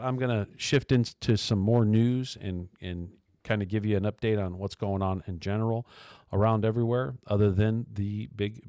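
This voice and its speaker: A man's voice: on the low side, darkish tone, no room sound, studio quality. A man hosting a casual labor radio show, talking loosely with lots of fillers, restarts and sarcastic asides. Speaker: talk show host.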